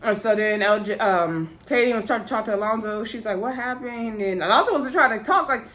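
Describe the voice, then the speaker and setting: A woman's voice: medium pitch, lively intonation, fast talker, a bit bright. A young woman casually recapping a reality show, acting out the cast's lines and filling her talk with "like" and "um". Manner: chatty, frequent "like" and "um".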